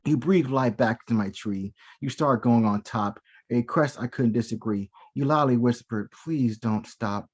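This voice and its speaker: A man's voice: a little slow, hardly any pauses, slightly rough. Man reading spoken-word poetry dramatically. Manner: rhythmic, dramatic delivery that drops lower and softer for sensual verse. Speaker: performing poet. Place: at home. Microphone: video call.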